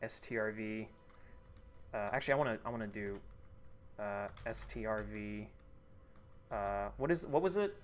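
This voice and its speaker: A man's voice: lowish voice, expressive, moderate pace, long pauses, slight background noise. A young man streaming live, thinking aloud, reading chat and restarting sentences as he goes.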